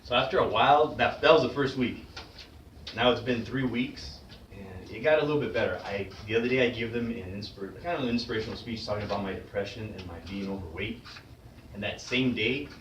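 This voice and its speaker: Motivational speaker, man, lower voice, candid storytelling; distant mic, faint background hiss. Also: roomy sound. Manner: earnest, conversational, with frequent restarts. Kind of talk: personal storytelling speech.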